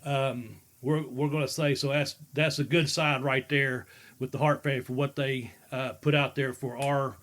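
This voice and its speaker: A man's voice: mid-range voice, steady tone, normal speed, a bit bright. A middle-aged man co-hosting a wrestling talk show, telling stories casually and laughing often as he acts out voices. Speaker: podcast co-host, former wrestler. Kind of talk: casual chat, storytelling.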